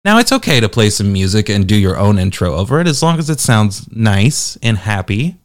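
Brief: male podcast reviewer, low-ish voice swinging wildly up and down, sarcastic and teasing. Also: big pitch swings, a little fast. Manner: sarcastic, teasing, jumpy delivery. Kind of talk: casual podcast review chat.

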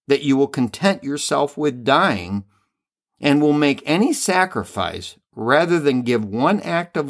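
A man reading the part of a loving heavenly mother and queen, slow, solemn and tender, in a devotional reading. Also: medium pitch.

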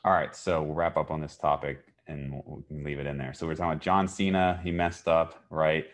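A man's voice: extremely low pitch, steady tone, brisk. A man hosting a podcast casually, with short, easygoing reactions and questions. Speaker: podcast host. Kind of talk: casual chat.

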